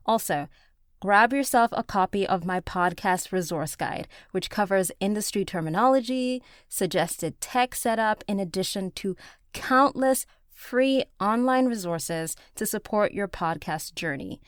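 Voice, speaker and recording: A woman hosting a podcast, talking in a bubbly, animated way. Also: medium pitch, unhurried, clear, resonant tone, no echo, studio quality. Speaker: podcast host. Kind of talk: podcast host talk.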